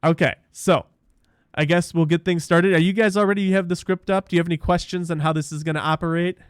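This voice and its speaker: A man hosts a casual podcast. He rambles and breaks off mid-sentence before narrating a script. His voice sits a little high and sounds dry and close. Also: fairly even intonation, quick pace, clear, resonant tone, no echo. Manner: rambling, self-interrupting, laughs easily. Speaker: podcast host.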